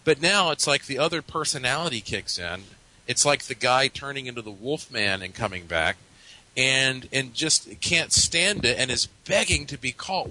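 Bright-voiced man hosting a talk show. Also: mid-range voice, poor audio. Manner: reflective, hesitant, musing aloud. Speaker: podcast host. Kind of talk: casual chat.

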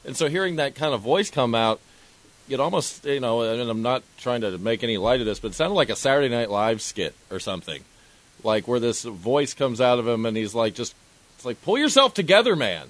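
A man's voice: mid-range voice, fairly quick. Hesitant man co-host rambling. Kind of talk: casual chat.

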